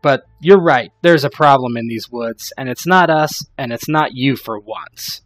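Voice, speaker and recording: A brash middle-aged outlaw chief, loud and taunting, with a crude streak, as a game master puts him on. The voice sits at a middling pitch. It is recorded dry, with faint music behind. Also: male voice, unhurried, no echo, close to an everyday voice. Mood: bitter.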